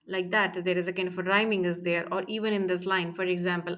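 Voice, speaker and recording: A woman teaching a lecture on poetry, talking in a halting way with frequent fillers and restarts. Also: lowish voice, level tone, fairly bright tone, lo-fi sound.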